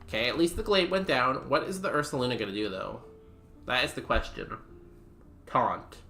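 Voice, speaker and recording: Young male streamer, rambling casual commentary, bright tone, roomy sound with music under it. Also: mid-range voice, normal speed, gravelly. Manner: rambling, filler-heavy chat with viewers.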